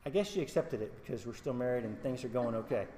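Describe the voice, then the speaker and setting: A man's voice: mid-range voice, animated, quick pace, dark tone. A middle-aged male pastor giving a conversational sermon with humor, personal stories and questions to the congregation. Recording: echoey hall.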